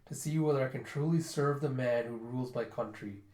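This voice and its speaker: A man voicing a gruff, stern middle-aged general in a comic book reading, low and measured. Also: mellow, close to an everyday voice. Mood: grim. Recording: roomy echo.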